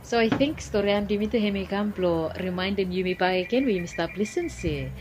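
A woman's voice: mid-range voice, a little fast, background noise. Woman, Ni-Vanuatu accent, host, casual health chat, plain delivery. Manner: plain, conversational, sums up points.

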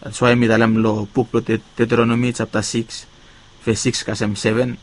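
Preaching a sermon, this man speaks at an ordinary middle pitch and a fairly quick pace, with an overall flat delivery. He stresses his key words, then lets each phrase sink low and soft as it ends.

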